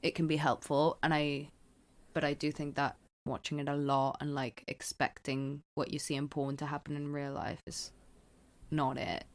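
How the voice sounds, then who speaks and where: Woman, low voice, podcast co-host, relaxed filler-heavy chat. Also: moderate pace. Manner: relaxed, filler-heavy, says "like" and "sort of" often. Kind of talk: casual chat.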